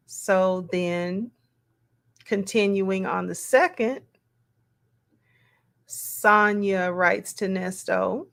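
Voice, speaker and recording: A woman's voice: mid-range voice, vocal fry, a bit bright. A woman reading text messages aloud and commenting on them in a casual, musing way. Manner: slow, musing, reads quotes aloud with asides.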